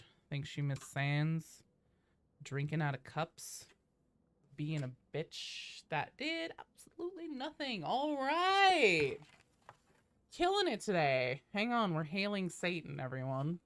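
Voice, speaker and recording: A woman's voice: deep voice, dry recording. A woman streaming a game and chatting loosely with her viewers, swearing often. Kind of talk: casual live-stream chat.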